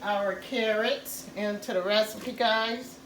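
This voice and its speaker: A woman hosting a casual home cooking tutorial, talking slowly and repeating "guys" to her viewers. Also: medium pitch, fairly even intonation, a bit bright, echoey room, a little hiss or hum. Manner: slow, repetitive, says "guys" often. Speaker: cooking channel host.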